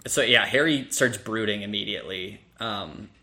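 A man's voice: fairly low pitch, normal speed, sharp tone. A young man co-hosting a casual movie review chat, laughing often and mimicking film lines. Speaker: podcast co-host.

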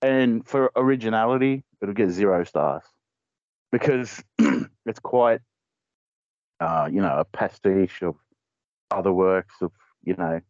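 A man's voice: lowish voice, darkish tone, no room sound, muffled recording. A man chatting casually on a podcast, rambling through stories and laughing at his own jokes. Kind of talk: casual chat.

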